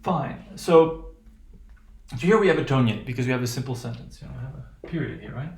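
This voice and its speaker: A man's voice: mid-range voice, lively intonation, brisk, darkish tone. A man with an American accent teaching a class on intonation, hesitant, with many fillers and frequent "right?" checks. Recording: echoey room.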